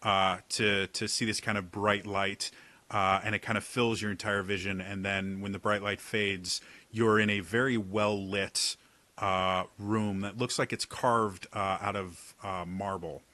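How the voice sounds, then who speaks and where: A man narrating as game master, describing scenes slowly with many fillers. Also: lowish voice, little pitch movement, pushed and bright, dry recording. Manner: unhurried, filler-heavy, descriptive.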